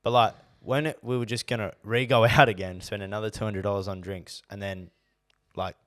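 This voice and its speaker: A man's voice: on the low side, fairly even intonation, brisk, no echo, clean studio sound. A young man with an Australian accent, co-hosting a podcast in a rambling, chatty way full of filler words. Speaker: podcast co-host. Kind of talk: casual chat.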